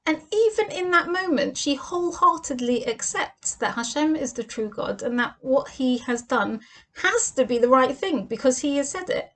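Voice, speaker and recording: A woman's voice: high voice, animated, moderate pace. A woman giving a weekly Torah portion lesson, earnest and full of rhetorical questions. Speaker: Torah teacher.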